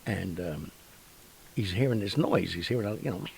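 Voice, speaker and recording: A man hosting a show, telling stories in a rambling, animated way with lots of fillers and sound effects. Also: fairly low pitch, moderate pace, gravelly, a little hiss or hum, low-quality recording. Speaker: radio show host. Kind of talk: casual storytelling monologue.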